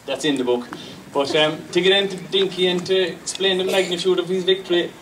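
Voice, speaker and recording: A man's voice: sits high, steady tone, a little fast. An Irish man acting as MC, introducing speakers at a celebration in a plain, rambling way. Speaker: event MC. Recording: distant mic with background noise.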